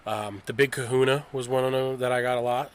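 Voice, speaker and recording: A man's voice: mid-range voice, fairly even intonation, a little fast. A young man co-hosting a podcast, chatting casually, loose and joking, swearing freely and laughing often. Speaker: podcast co-host. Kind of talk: casual chat.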